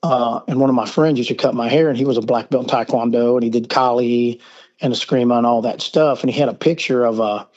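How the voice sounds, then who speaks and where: A man's voice: medium pitch, steady tone, fast talker, a little mellow, lo-fi sound. A middle-aged man with a Southern US accent, a podcast guest telling stories at length and acting out the dialogue. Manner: rambling, acts out quoted dialogue. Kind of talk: casual storytelling. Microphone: remote call.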